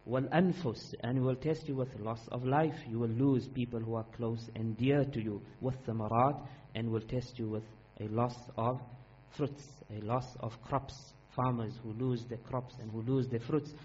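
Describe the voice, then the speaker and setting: A man preaching a sermon in an earnest, emphatic way, repeating key phrases and reciting Arabic verses quickly. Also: medium pitch, steady tone, a little mellow. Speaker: Islamic preacher. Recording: dull lo-fi recording with faint hum.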